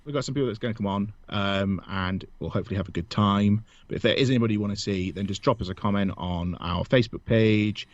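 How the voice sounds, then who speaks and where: A man's voice: fairly low pitch, fast talker, hardly any pauses, no echo, muffled recording. A man co-hosting a casual podcast, joking, self-mocking and laughing often. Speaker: podcast co-host. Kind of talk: casual chat.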